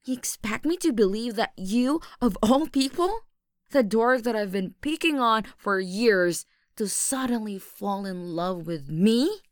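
A woman's voice: a little high, animated, a little slow, no room sound, clean studio sound. A young woman in an audio role-play, talking to the listener as an aggressive, mocking, swearing bully.

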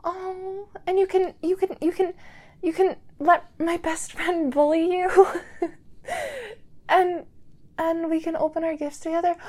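A woman's voice: extremely high pitch, measured pace, darkish tone. A young woman in an audio role-play, talking straight to the listener as an effusive, gushing partner who often breaks into laughter.

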